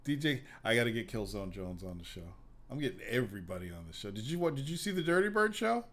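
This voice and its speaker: A man's voice: medium pitch, sing-song, fast talker, a bit bright. A man hosting a podcast, telling long rambling stories in casual, profane chat. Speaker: podcast host.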